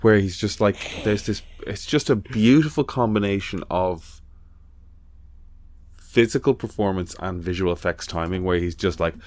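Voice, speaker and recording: A podcast co-host rambles through a casual chat, full of fillers and swearing. His voice sits low, darkish in tone, at normal speed, with no echo.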